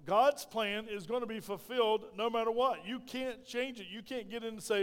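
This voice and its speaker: Middle-aged pastor guy preaching, high smooth voice, lots of church hall echo. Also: moderate pace. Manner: preaching with call-and-response questions to the congregation. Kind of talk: sermon. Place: church sanctuary. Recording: long hall reverb.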